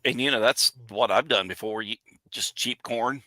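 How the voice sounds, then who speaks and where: Male podcast co-host with a bright, tense voice on a dry close mic. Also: mid-range voice, dry recording. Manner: quick to laugh, explains practical tips. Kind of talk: casual podcast chat.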